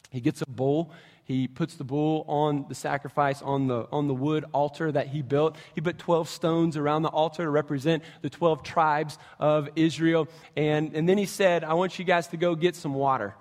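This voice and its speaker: A man preaching a sermon as a pastor, telling a scripture story in a lively way and acting out the quotes. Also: on the high side, normal speed, big-room sound. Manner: animated storytelling, acts out quotes.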